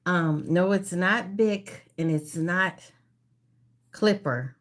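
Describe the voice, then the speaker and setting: Woman quiz host on a casual live stream. Unhurried reads, repeats each question. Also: fairly low pitch. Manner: reads questions slowly and repeats them, greets viewers by name. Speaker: livestream trivia host.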